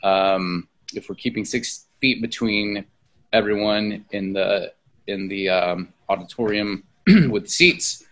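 A man speaking as a church leader in a casual discussion, plain and explanatory, often clearing his throat. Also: lowish voice, level tone, takes it slowly, a bit bright.

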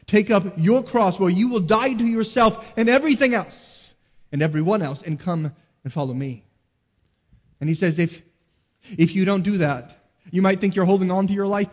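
A man preaching a sermon as pastor, earnest, rising to emphatic peaks and dropping low. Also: darkish tone, long reverb tail.

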